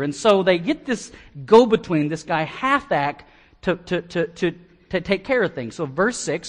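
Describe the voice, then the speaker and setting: An American man preaching an expository sermon as pastor, animated and often repeating words as he starts a phrase. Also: high voice, moderate pace. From United States.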